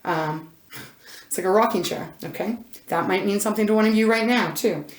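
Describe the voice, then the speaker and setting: A woman's voice: mid-range voice, a little fast, roomy sound. A woman giving an intuitive card reading to camera, chatty and rambling, breaking off often to exclaim and restart. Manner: chatty, rambling, self-interrupting, frequent "oh my gosh". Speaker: intuitive tarot reader. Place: indoor room. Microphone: camera mic.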